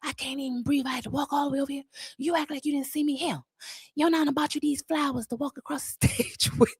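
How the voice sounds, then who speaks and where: Woman doing a breathless, fed-up mom, higher and huffier than her own voice. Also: fairly even intonation, quick pace, mellow, no room sound, clean studio sound. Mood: exasperated. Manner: scolding, winded complaints. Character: exasperated breathless mother scolding her daughter.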